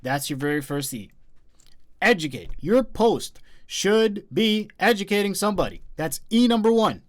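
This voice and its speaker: Man, fairly high voice, live session host, emphatic, repeats himself, loud then soft. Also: expressive, normal speed. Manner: emphatic, repeats key points, wide swings in loudness.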